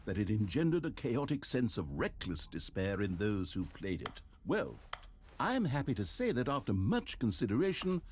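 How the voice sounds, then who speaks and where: A smug video game narrator, dry and ironic, with a wildly swooping, expressive intonation. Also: male voice, lowish voice, a little hiss or hum. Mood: wry. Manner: dry, ironic, measured delivery. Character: wry, self-satisfied male video game narrator.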